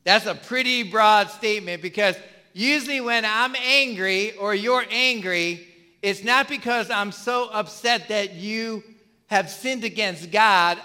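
A man with a high, bright voice preaches a sermon in a casual, conversational way. He keeps asking the congregation questions and stumbles over repeated words. His voice rings with the long reverb of a church hall. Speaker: pastor.

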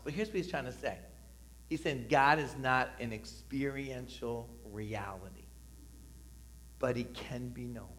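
Guy pastor preaching, bright kinda high voice, gets the crowd to say stuff back, goes loud then real soft. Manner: preaching with call-and-response to the congregation; swings from loud emphatic reading to soft, low asides. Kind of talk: sermon.

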